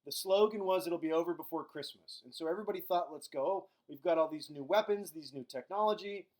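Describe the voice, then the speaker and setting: A man's voice: a little high, a little mellow. A middle-aged man giving a recorded history lecture in a casual, joking way. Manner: casual, acts out countries in quick silly voices. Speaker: history teacher.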